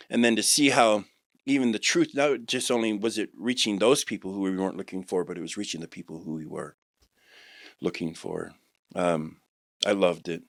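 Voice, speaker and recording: A low-pitched man in his forties tells his testimony in a loose, rambling way. He restarts his sentences often and lifts into lively quoted voices. The sound is dry and close, with no room in it. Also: normal speed, creaky, no room sound. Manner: rambling, repeats and restarts, animated when quoting others. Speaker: guest sharing a testimony. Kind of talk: podcast testimony interview.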